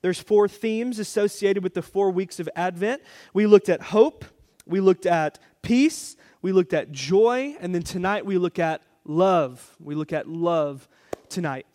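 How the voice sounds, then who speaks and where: A man's voice: high-pitched, unhurried, warm tone. A man pastor preaching a sermon, telling a family story with playful asides and repeated phrases.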